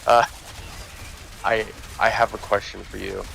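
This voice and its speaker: Low-voiced man hesitantly playing his character. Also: little pitch movement, a little slow, vocal fry, a bit bright, a little hiss or hum. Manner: hesitant, filler-heavy speech. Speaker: player. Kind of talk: casual chat at a game table.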